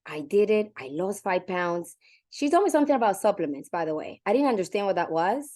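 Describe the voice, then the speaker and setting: A woman in her forties telling her own story casually, animated and chatty, acting out what she and others said. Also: mid-range voice, a little fast. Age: 40s. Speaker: community member sharing her story. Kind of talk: casual testimonial.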